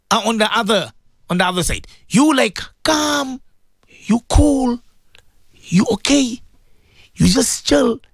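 Husky male radio preacher, lively pitch, dry close mic, sermon delivery. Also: no echo. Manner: animated, rhetorical, acts out quoted voices.

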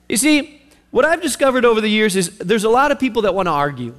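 A man preaching a sermon, retelling a story with animated, sarcastic acted-out voices. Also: sits high, fast, long reverb tail.

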